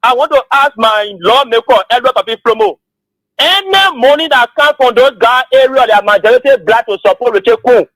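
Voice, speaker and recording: A man's voice: very high-pitched, animated, brisk, fairly bright tone, dry recording, low-quality recording. A man calling into a radio show, polite and thanking repeatedly. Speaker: caller.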